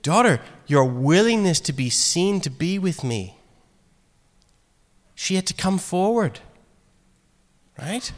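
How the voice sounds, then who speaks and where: A man preaching a sermon in a casual, animated way, acting out quoted lines. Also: sits high, slow, pauses often. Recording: long hall reverb.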